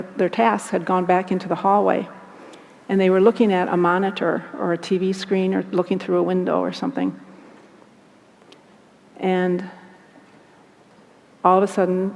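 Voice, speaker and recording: A woman tells a personal story in an earnest, halting, reflective way. Her voice is gravelly and stays fairly flat in pitch. The recording carries a long, hall-like reverb. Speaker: guest recounting abduction experiences.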